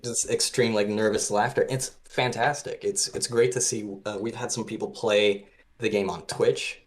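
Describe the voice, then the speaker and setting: A man's voice: fairly low pitch, fairly even intonation, moderate pace. Chatty male game designer. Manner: loose and chatty, peppered with "like". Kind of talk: casual podcast chat.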